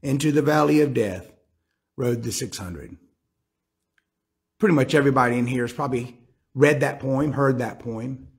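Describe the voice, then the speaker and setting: A man's voice: mid-range voice, vocal fry. A man preaching a sermon, retelling scripture and acting out the characters' words with rising intensity.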